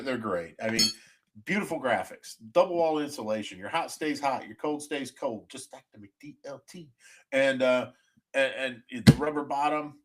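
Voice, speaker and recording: A man's voice: medium pitch, noisy background. Man doing a joking podcast ad read. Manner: joking, drawn-out, laughing often. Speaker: podcast co-host. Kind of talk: crude comedic ad read.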